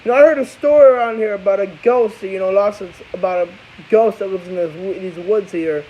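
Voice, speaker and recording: A man's voice: sits high, fairly quick, warm tone, lightly acted. Mocking woman bus driver, sly and teasing, a man doing her; dull, hissy recording.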